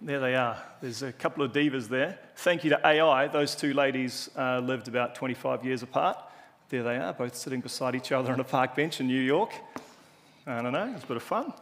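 A man's voice: mid-range voice, fairly quick, a bit bright. Sex: man. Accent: New Zealand. Style: casual joking sermon. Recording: long church-hall reverb. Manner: chatty, joking, self-deprecating. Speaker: preacher.

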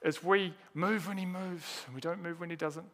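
A man's voice: a little high, fairly even intonation, moderate pace, a bit bright. A man preaching a sermon, earnest and emphatic, asking rhetorical questions and repeating key words.

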